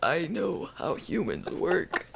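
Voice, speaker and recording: Guy doing a creepy slow candidate voice, gravelly, swoopy pitch, noisy mic. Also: huge pitch swings, a bit bright, full character voice. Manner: slow, low, creepy murmur. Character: creepy slow-talking male political candidate.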